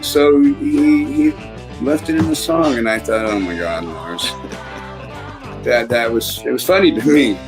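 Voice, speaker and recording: A man, a musician, telling a story in a casual interview, humming riffs out loud and swearing freely. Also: medium pitch, big pitch swings, moderate pace, over music, low-quality recording.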